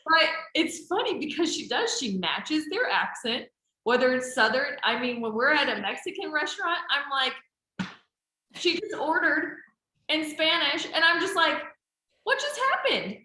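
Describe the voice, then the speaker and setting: A talkative woman trainer gives encouraging, casual advice with plenty of energy. Her voice is bright and sits a little high. The sound is roomy, with noticeable echo. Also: expressive, moderate pace. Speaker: trainer answering team questions. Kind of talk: casual group chat.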